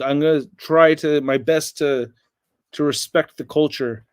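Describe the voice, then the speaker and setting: This is an American man hosting a casual livestream, talking loosely and rambling through viewer comments. His voice sits a bit higher than most men's. The sound is dry and close, with no room echo. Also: moderate pace. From United States. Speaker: livestream host.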